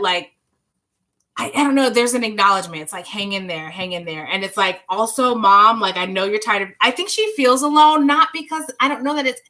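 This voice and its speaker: A young woman hosts a live tarot reading, talking in a loose, rambling, reassuring way. Her voice sounds bright and ringing at a middling pitch. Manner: chatty, rambling, reassuring, sings bits of songs. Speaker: tarot reader.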